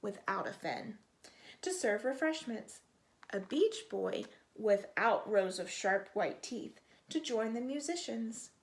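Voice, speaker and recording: A woman reading a children's picture book aloud, expressive and stretching out the sound words. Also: fairly high pitch, slow pace. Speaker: storytime reader.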